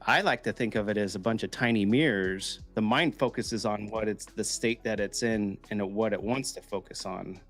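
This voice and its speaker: A man's voice: fairly low pitch, normal speed, hardly any pauses, faint music behind. A man hosting a podcast, talking casually and telling stories with swearing and acted-out quoted voices. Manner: animated storyteller who acts out quoted voices and swears freely. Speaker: podcast host. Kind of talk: casual conversational talk.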